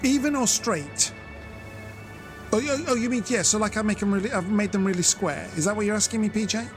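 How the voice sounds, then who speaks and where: A man's voice: high voice, brisk, over music. A man giving chatty live commentary as he plays and explains his method step by step. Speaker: streamer.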